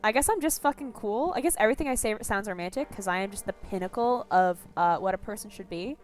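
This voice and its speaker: A woman's voice: medium pitch, fast talker, faint music behind. A woman streamer giving casual, rambling let's-play commentary. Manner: chatty, giggly, rambling.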